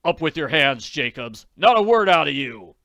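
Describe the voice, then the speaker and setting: A man's voice: medium pitch, lively intonation, moderate pace, a bit bright, no room sound, close to an everyday voice. A man voicing a stern, determined teenage boy detective who gives commands. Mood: commanding.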